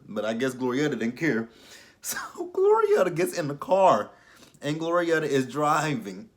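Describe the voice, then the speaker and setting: A young man casually recapping a reality show, laughing and swearing freely and mocking the cast in quick asides. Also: on the high side, wildly swooping pitch. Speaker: YouTube reality-show reviewer.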